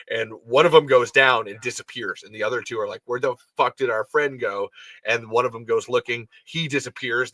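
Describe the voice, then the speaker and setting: A man's voice: mid-range voice, pushed and bright, no room sound. A young man hosting a podcast in casual chat, rambling with many fillers and swearing freely. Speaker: podcast host.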